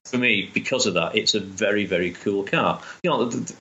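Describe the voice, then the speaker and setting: A man's voice: fairly low pitch, brisk, pushed and bright, dull audio. A man chatting enthusiastically as a guest, rambling with restarts. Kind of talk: casual chat.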